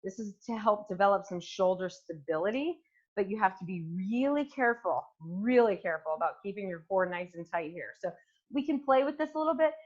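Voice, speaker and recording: A woman's voice: mid-range voice, lively intonation, a little fast, lo-fi sound. A woman fitness coach demonstrating exercises at home, giving encouraging instructions with frequent fillers. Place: home room with hardwood floor. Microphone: new microphone.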